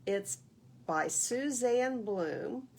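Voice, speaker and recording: A woman librarian reading picture books aloud at a baby storytime, animated and sing-song, talking to little listeners. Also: fairly high pitch, extremely slow. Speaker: children's librarian.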